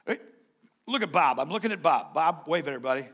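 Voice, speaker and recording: A pastor preaching a sermon in a joking, conversational way, swinging between loud and soft. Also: male voice, on the high side, lively intonation, fast.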